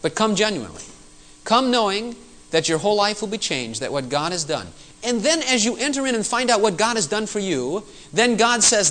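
Animated high-voiced male preacher. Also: normal speed, poor audio. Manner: animated preaching with rhetorical questions. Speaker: pastor. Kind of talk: sermon.

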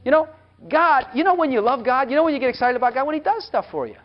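A man's voice: extremely high pitch, big pitch swings, fast talker. A man preaching a sermon, emphatic and full of rhetorical questions, at times speaking in God's voice. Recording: dull lo-fi recording.

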